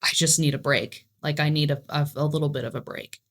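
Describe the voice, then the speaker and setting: A woman's voice: deep voice, fairly even intonation, brisk. Rambling jokey woman from Ohio. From Ohio, United States. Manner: rambling and jokey, lots of likes. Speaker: podcast co-host. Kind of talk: casual true crime chat.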